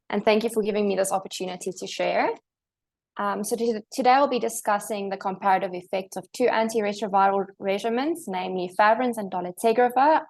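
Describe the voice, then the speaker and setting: A woman's voice: medium pitch, darkish tone. A young woman from South Africa giving a formal academic talk over a video call. She reads prepared slides steadily and restarts a word now and then. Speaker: presenter. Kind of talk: academic presentation.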